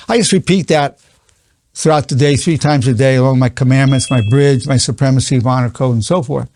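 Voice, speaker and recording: Gravelly older man teaching earnestly. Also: medium pitch, steady tone, fairly quick, a little mellow, dry recording, clean studio sound. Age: 80s. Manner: earnest, repetitive, stammering restarts. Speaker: psychologist teaching a lesson. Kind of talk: unscripted spoken lesson.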